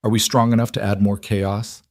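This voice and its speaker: A man voicing a gentle, wry father, speaking in a soft, measured way. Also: fairly low pitch, flat delivery, no echo, studio quality, close to an everyday voice. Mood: tender.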